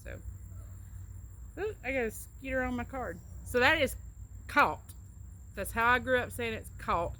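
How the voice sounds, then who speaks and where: A woman's voice: on the high side, normal speed, pauses often, a bit bright. A middle-aged woman from Alabama with a Southern drawl, chatting casually as a co-host and explaining how she says words with little anecdotes. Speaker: co-host, travel agent. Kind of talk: casual accent-tag chat.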